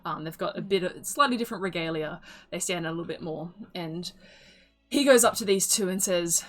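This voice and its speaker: A woman's voice: lowish voice, a little fast, faint music behind. Woman game master narrating casually. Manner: casual, filler-heavy narration.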